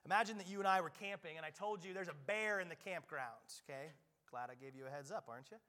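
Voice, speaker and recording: A man preaching a sermon as pastor, energetic and firing questions at the congregation. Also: a little high, fast talker. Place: church hall. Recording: reverberant church hall.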